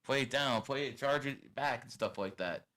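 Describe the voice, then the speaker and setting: A man's voice: medium pitch, normal speed, a bit bright. A man hosting a podcast, giving blunt and profane advice in a lecturing tone. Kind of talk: casual podcast talk.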